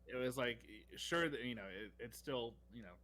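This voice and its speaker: A man's voice: mid-range voice, normal speed, bright, forceful tone, slight background noise. A young man co-hosting a podcast, chatting casually and enthusiastically with plenty of fillers and restarts. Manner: rambling, enthusiastic, many fillers. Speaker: podcast co-host. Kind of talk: casual chat.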